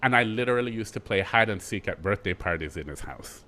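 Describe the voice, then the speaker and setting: A middle-aged Jamaican man, an actor being interviewed, telling his story in a lively way with quick asides and restarts. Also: on the low side. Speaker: actor guest.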